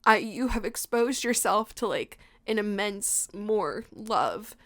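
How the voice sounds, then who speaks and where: A woman's voice: medium pitch, lively intonation, slow. A young woman telling her birth story on a podcast, often laughing through tears and saying "like". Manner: tearful, laughing through tears, fills talk with "like". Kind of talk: emotional personal storytelling.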